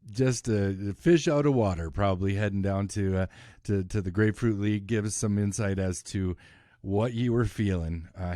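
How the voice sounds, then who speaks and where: A male podcast host with a fairly low voice asks long, meandering questions. The sound is dry and close, with no room echo. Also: warm tone. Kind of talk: interview questions.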